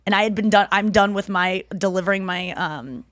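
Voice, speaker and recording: A woman's voice: mid-range voice, a little fast, a bit bright, no room sound, studio quality. A woman in her thirties hosting a podcast, telling rambling stories in casual chat and swearing freely. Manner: chatty, rambling storyteller who swears freely. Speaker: podcast host.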